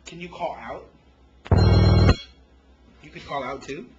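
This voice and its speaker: A man's voice: on the high side, takes it slowly, dull audio, over loud music. A man hosting a call-in show as a comedian, telling crude, rambling jokey stories.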